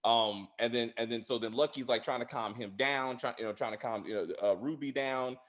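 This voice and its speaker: A man hosting a casual show review, retelling scenes in an excitable, profane way. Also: medium pitch, brisk. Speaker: podcast host.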